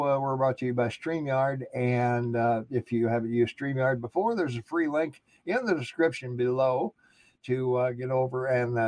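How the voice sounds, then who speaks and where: A man co-hosting an online show in casual chat, relaxed and rambling with fillers, his throat rough in the morning. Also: mid-range voice, no echo, poor audio.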